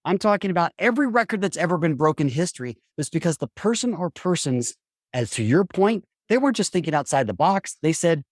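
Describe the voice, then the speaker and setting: A middle-aged man, a podcast guest, telling stories in an animated, emphatic way with blunt asides and mild swearing. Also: fairly high pitch, fast, no room sound, clean studio sound. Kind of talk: animated storytelling.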